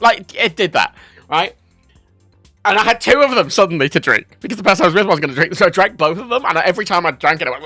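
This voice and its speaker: A man from Ireland, chatting casually on a livestream, telling stories in an animated, sweary way. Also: high voice, quick pace, no room sound, soft background music. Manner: animated, sweary storytelling, reads chat aloud. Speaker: livestream host.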